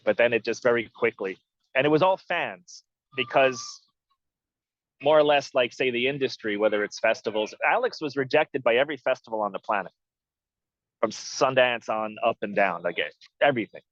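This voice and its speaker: A man's voice: mid-range voice, normal speed, a bit bright, dry recording. A man, a film producer, giving candid interview answers with dry jokes. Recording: dull, muffled audio.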